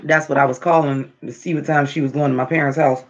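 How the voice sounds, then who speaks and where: Animated, high-voiced man ranting on a livestream. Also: fast talker. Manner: animated, profane, talks straight to viewers. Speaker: livestream vlogger. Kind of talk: casual livestream chat. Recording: dull lo-fi livestream audio.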